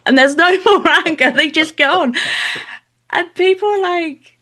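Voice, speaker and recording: A middle-aged woman guesting on a spiritual podcast, telling lively stories and acting out quotes in a higher voice. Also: measured pace.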